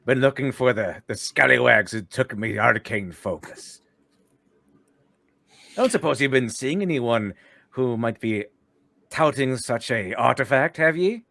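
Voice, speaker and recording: A man's voice: medium pitch, lively intonation, unhurried, vocal fry, fairly bright tone, no echo. A man doing a pirate-talking adventurer. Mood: wary. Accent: mock pirate. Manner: put-on pirate drawl, shifting accents. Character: male pirate-talking adventurer seeking stolen item.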